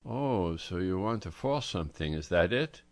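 A man's voice: deep voice, lively intonation, moderate pace. A man reading an audiobook voices a middle-aged Frenchwoman with a French accent, an old friend who speaks in a formal, playful way. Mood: curious.

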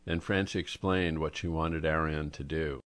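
A man narrates a story with a low, deep voice in a measured, even way. The recording is close and dry, with no room sound. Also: no room sound. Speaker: audiobook narrator. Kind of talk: scripted narration.

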